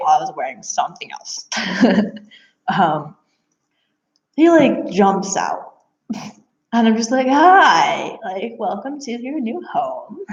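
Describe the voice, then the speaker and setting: A young woman tells a rambling personal story in a slightly low voice, laughing often and filling gaps with "like" and "you know". The recording is dull and lo-fi. It sounds like an echoey room. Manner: animated, laughs often, many fillers. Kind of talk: casual storytelling.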